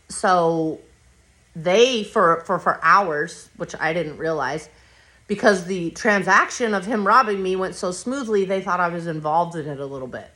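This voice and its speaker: Woman podcast host, bright and forceful, slightly low-pitched, swears freely, rambles through a story. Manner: blunt, profane, rambling retelling. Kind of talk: casual personal storytelling.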